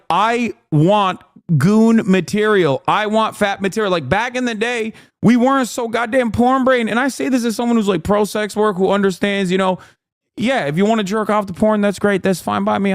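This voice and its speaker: A man in his thirties ranting on a casual livestream, profane and mocking, now and then breaking into loud put-on shouts. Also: sits high, no echo, studio quality. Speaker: streamer.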